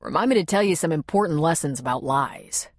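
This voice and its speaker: Woman doing a calm, gentle protective man. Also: sits low, brisk, no room sound, clean studio sound. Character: protective former Marine man, calm and gruff.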